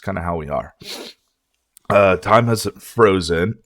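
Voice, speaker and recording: A low-voiced man talks through a music reaction in a loose, rambling rant. He swears often and gets worked up. His voice is close and dry, with no room echo. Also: slow pace, pauses often. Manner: ranting, profane, animated. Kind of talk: casual reaction commentary.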